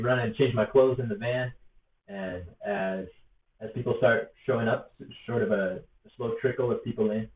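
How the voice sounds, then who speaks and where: A young man telling a story in a casual, earnest, rambling way, with lots of fillers, recorded on a laptop. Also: medium pitch. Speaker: rally organizer. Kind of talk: casual spoken reflection to camera. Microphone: laptop or tablet built-in mic. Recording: echoey, distant, phone-like tinny sound.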